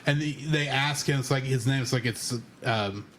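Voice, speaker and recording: A man co-hosting a podcast, chatting casually with animated, sarcastic asides. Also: mid-range voice, moderate pace, slight background noise. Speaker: podcast co-host. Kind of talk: casual chat.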